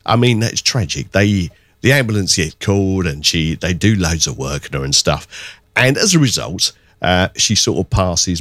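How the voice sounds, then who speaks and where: A man hosting a radio show, telling a story in a relaxed, chatty way. His pitch swings widely and lends his talk a sing-song lilt. The studio sound is close and dry, with no room echo. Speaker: radio host. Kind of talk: casual radio chat.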